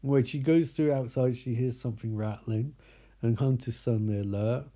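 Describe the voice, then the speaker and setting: A man's voice: mid-range voice, moderate pace, mellow. Sarcastic, swearing man recapping a film. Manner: sarcastic, swears often, loses track of names. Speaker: movie commentator. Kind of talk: casual sardonic movie recap. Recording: slightly dull lo-fi recording.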